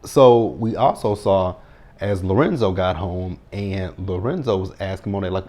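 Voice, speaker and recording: A man's voice: low voice, a little slow, a little mellow. A man, recapping a TV episode in a blunt, sassy, profane casual chat. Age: 30s.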